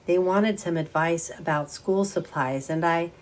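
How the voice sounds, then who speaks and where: A woman reading a story aloud and voicing a sad, timid young woman who speaks softly and hesitantly. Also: on the low side, measured pace, lightly acted. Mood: sad wistful. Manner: soft, wistful, hesitant.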